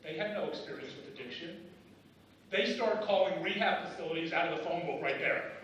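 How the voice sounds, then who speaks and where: Man speaking at a dinner, candid storyteller, bright forceful tone, big echoey hall, a little off mic. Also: on the high side, a little fast, slight background noise. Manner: candid storytelling, acting out his old self in rising, insistent bursts. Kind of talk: personal recovery speech. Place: large banquet hall. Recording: echoey banquet hall, voice from a distance.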